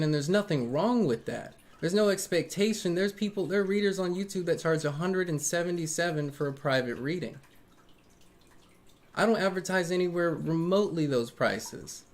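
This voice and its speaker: Tarot reader on a live stream, casual talk, earnest, defensive, repeats phrases for emphasis, mid-range voice. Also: mid-range voice. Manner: frequent fillers like "right?" and "man".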